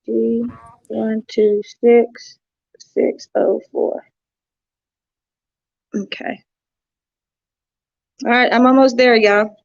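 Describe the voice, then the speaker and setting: A woman's voice: fairly high pitch, level tone, extremely slow, creaky, pauses often, a little mellow, no echo, muffled recording. A woman hosting a casual livestream, distracted, talking to viewers while working her phone. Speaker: livestream host.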